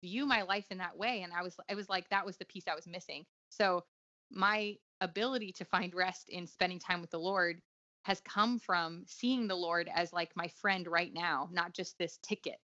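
A woman talks earnestly and reflectively, full of fillers and quick restarts. Her voice is bright and forceful, and it sits a little low. The sound is dry and somewhat dull, like a lo-fi recording. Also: fairly even intonation, no room sound. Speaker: guest author. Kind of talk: conversational interview.

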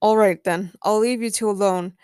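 A woman's voice: mid-range voice, steady tone, normal speed, darkish tone, clean tone, dry recording, clean studio sound, lightly acted. A woman voicing an earnest, dutiful male superhero in a storybook reading, urgent in his warnings. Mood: cautioning.

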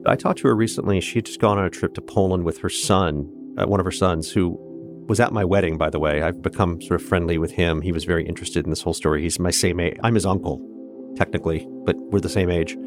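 Interview guest, middle-aged man, very low voice, earnest storyteller, faint music under him. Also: steady tone, fast talker. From Kansas, United States. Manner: earnest, candid, with restarts and laughs. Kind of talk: reflective personal storytelling.

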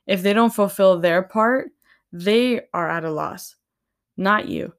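A woman speaks slowly and gently, with unhurried pauses, as she offers faith-based encouragement. Her tone is earnest and tender, and she sounds close to tears. Her voice sits at an ordinary middle pitch. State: tearful, near crying. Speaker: podcast host.

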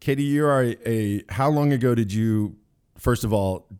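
A man's voice: mid-range voice, normal speed, a little mellow, clear, resonant tone. A man in his forties from Kansas, hosting a casual podcast and chatting with guests on a remote call in a joking, rambling way full of restarts. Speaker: podcast host.

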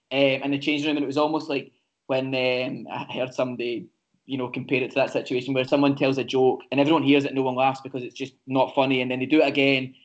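A man co-hosting a football podcast, talking through match analysis in a measured, casual way with frequent ums and restarts. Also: medium pitch. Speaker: podcast co-host. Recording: slightly muffled lo-fi audio.

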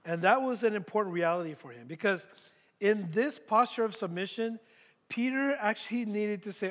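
A high-pitched man delivers a sermon as a pastor, slowing and pausing to drive his points home and repeating them for weight. His voice rings out with a long reverb, as in a large church sanctuary. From United States. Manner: deliberate, repeats key points with emphatic pauses.

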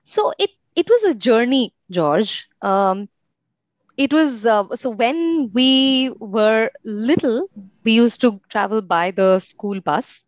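In a casual interview, the guest, a young woman from India, reflects on her experiences and fills her speech with plenty of fillers. Her voice sits in the mid range. The recording is dry and slightly muffled.

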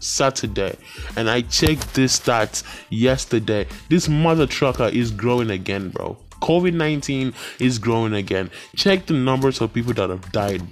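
A young man ranting as a vlogger, heated, profane and rambling, full of slang. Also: mid-range voice. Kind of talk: profane rant to camera.

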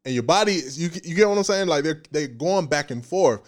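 Animated, playful male preacher. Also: on the high side, fairly quick. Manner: animated, playful, laughs often, slangy. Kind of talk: casual sermon.

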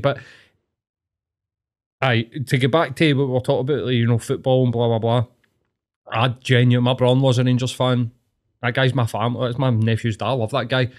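A young man with a Scottish accent talks in a blunt, opinionated way, swearing as he goes. His voice sits at an ordinary middle pitch, and the tone is relaxed, casual chat. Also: a little fast, long pauses.

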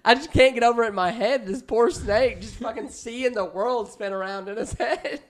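A man's voice: extremely high pitch, moderate pace. A man telling a rambling childhood story in casual podcast chat, swearing and laughing often. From United States. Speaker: podcast co-host.

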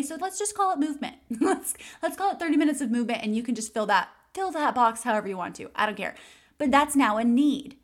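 A woman hosting a solo podcast and coaching her listeners through a journaling exercise. She speaks encouragingly, often laughs, and repeats key phrases. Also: a little high. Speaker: podcast host and mindset coach.

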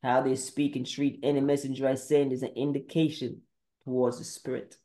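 A man's voice: mid-range voice, flat delivery, fairly quick, dark tone. A man preaching a sermon monologue, firing off terse Bible verse citations in a confrontational way. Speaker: podcast preacher. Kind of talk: scripture-citing sermon monologue.

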